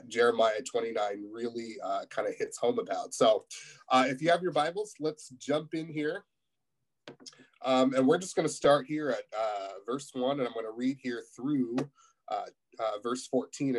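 A guest preacher with a mid-range, slightly mellow voice reads scripture aloud in church and puts questions to the congregation. Between those moments he hesitates, using lots of fillers and restarts. The recording quality is low.

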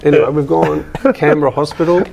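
A man's voice: on the high side, quick pace, gravelly, heavy background noise. An older Australian man, a former footballer, casually telling a funny story and acting out the quotes with laughs. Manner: laughing, lively anecdote teller with put-on quotes.

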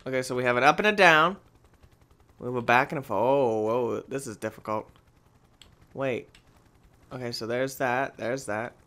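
A man hosting a gaming video, talking through his play in an excitable, exclamatory, rambling way. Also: medium pitch, normal speed, pauses often. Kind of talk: let's play commentary.

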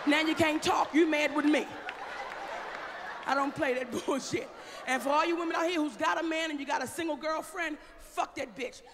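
A woman doing a live stand-up set, brash and profane, shouting her punchlines at the crowd. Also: high-pitched, normal speed, noisy background. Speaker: stand-up comedian. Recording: live stage show in a large hall with a loud audience.

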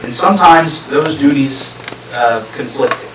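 Measured in pace, mid-range and fairly bright, a man's voice carries a guest lecturer's public history talk to a live audience. He explains things one step at a time and invites the listeners to answer questions. The room echoes, the mic is distant, and there's a faint hiss.

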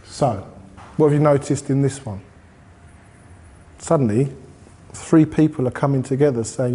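A man's voice: medium pitch, measured pace, pauses often, mellow. A man speaking at a group meeting, giving a conversational motivational talk and asking the audience questions. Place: meeting room.

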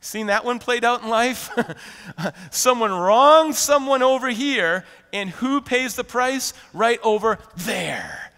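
A man preaching a sermon as pastor, animated and conversational, often laughing and acting out quotes. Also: extremely high pitch, takes it slowly, smooth, in a large hall. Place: church sanctuary.

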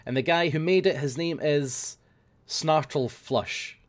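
A man's voice: fairly high pitch, slow pace. Chatty man hosting a gaming video. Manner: chatty, rambling, jokey. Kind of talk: casual gaming chat.

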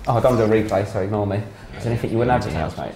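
Fast-talking teasing Englishman. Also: fairly low pitch. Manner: teasing, jokey, lively. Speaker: comedian and channel host. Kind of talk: casual banter while gaming. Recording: roomy echo with faint room noise.

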